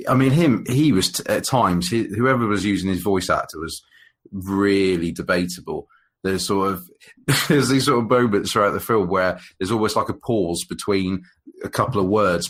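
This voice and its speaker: A man's voice: low voice, moderate pace, a bit bright, slightly rough. A man co-hosting a podcast, chatting casually about an old monster film in a rambling way, with lots of fillers and restarts. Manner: rambling, full of fillers and restarts, laughs often. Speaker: podcast co-host. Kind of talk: casual film review chat.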